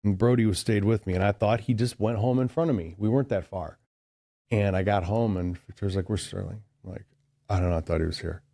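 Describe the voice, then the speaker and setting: A man's voice: on the low side, fairly even intonation, quick pace, gravelly, warm tone, no room sound, studio quality. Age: adult. Sex: man. Style: rambling casual storyteller. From Chicago, USA. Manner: rambling, heavy use of "like" and "dude". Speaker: podcast guest.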